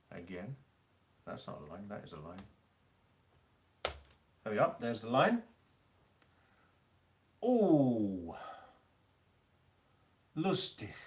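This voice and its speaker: A man teaching music, hosting a live online quiz, reading out Italian terms slowly and teasing players about their spelling and the rules. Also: on the low side.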